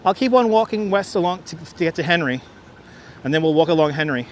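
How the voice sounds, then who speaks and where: A man's voice: on the high side, lively intonation, brisk, a little hiss or hum. Chatty man streaming a city walk. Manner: chatty, restarts phrases, thanks viewers. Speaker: livestream host. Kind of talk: casual walking-tour livestream. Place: outdoors on city streets. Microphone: wireless clip-on mic.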